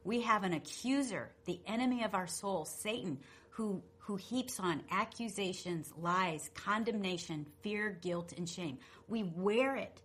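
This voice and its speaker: A middle-aged woman co-hosting a radio talk show, telling a story in a feisty, expressive way. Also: medium pitch, measured pace, few pauses, husky. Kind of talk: casual storytelling chat.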